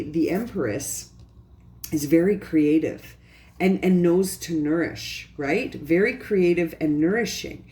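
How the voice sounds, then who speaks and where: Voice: mid-range voice, dark tone, echoey room. A tarot reader giving a pick-a-pile reading, speaking straight to the viewer in an earnest, repetitive way full of rhetorical questions.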